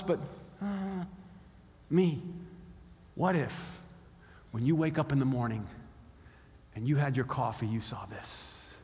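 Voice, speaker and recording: A man's voice: medium pitch, slow pace, long pauses, darkish tone. A pastor preaching a sermon in a conversational way, acting out the inner voices of his listeners. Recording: long hall reverb.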